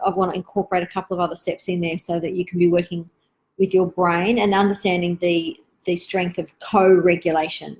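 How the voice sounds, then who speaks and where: A woman, hosting a live online Q&A for parents in a gentle, reflective, chatty way with many asides. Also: lowish voice, low-quality recording.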